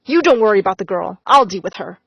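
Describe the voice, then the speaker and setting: A woman's voice: medium pitch, animated, quick pace, vocal fry, slightly rough, no room sound. A woman voicing a threatening middle-aged male school principal who snaps and gives orders. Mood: menacing. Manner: threatening, snapping, cold. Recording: slightly dull, dry recording.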